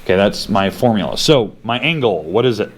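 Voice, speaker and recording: A man's voice: on the low side, lively intonation, brisk. Casual man teaching a math class. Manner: casual, laughs easily, thinks aloud.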